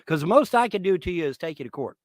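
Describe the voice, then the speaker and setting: A man's voice: on the high side, very animated, rapid-fire, no room sound. A man in his fifties on a livestream, swearing and making threats in a repetitive rant. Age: 50s.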